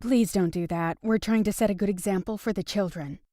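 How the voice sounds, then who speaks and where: A woman voicing a brisk, disapproving aquarium attendant. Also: mid-range voice, mellow, dry recording, studio quality, close to an everyday voice.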